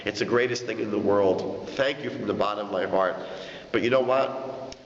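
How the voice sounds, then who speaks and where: A man's voice: fairly low pitch, moderate pace, a little hiss or hum, lightly acted. A man telling a story and voicing a young rabbi who pleads earnestly and thanks effusively. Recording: dull echoey hall.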